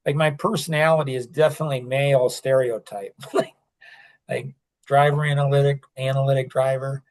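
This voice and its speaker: A man's voice: mid-range voice, little pitch movement, moderate pace, darkish tone. Older man, podcast host, casual rambling talk, lots of fillers, frequent restarts.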